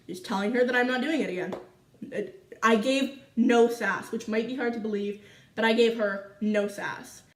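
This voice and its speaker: A teenage girl from Canada telling a school story to her viewers in a chatty, animated way full of fillers. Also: fairly high pitch, moderate pace, roomy sound, distant mic. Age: teens. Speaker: vlogger. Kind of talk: casual storytime chat.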